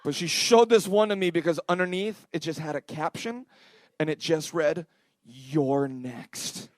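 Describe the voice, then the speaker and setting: A man's voice: fairly high pitch, moderate pace, no echo. A young man from Canada doing a rambling, self-deprecating stand-up set on a comedy club stage, riffing with the crowd through a handheld mic.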